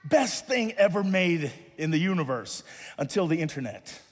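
Male pastor, Southern California, animated and playful storyteller, high-pitched, long church reverb. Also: normal speed, breathy edge. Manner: animated, playful, laughs at his own story. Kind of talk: sermon storytelling.

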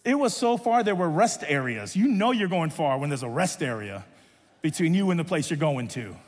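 A man preaching and telling a lively story, acting out the voices of the people in it and rising to shouts at times. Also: fairly high pitch, normal speed. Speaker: pastor and volleyball coach. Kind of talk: sermon storytelling. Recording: reverberant hall.

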